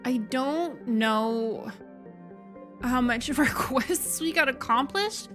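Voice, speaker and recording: Higher-voiced woman swearing through a game. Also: extremely slow, pauses often, fairly bright tone, soft background music. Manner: chatty, frustrated, swears freely. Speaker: game streamer. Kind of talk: casual let's-play commentary.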